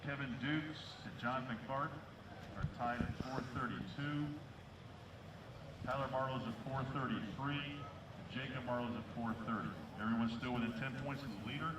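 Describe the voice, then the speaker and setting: A man at an outdoor archery range, briskly announcing scores and standings to the shooters. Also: medium pitch, fairly even intonation. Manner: brisk, matter-of-fact score calling. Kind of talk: announcing scores over a loudspeaker. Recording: distant echoey outdoor announcement with loud background noise.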